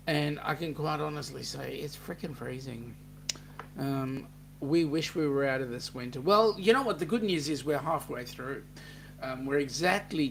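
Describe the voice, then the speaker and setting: A man's voice: a little high, fairly bright tone, slight background noise. A middle-aged Australian man hosting a casual livestream, joking and reading viewer comments aloud. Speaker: host.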